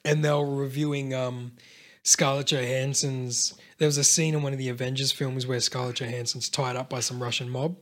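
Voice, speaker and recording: A man's voice: mid-range voice, little pitch movement, fairly quick, fairly bright tone. A young man in casual podcast chat, laid-back and eager, asking lots of questions. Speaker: podcast co-host.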